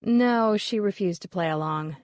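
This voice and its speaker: A woman's voice: mid-range voice, a little slow, darkish tone, no room sound, lightly acted. A woman reading the lines of a blunt, dismissive middle-aged woman appraiser in an audiobook, with a dry, offhand delivery.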